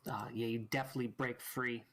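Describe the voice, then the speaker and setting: A man running a tabletop game as dungeon master, narrating and calling rules in a relaxed, chatty way. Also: mid-range voice, fast.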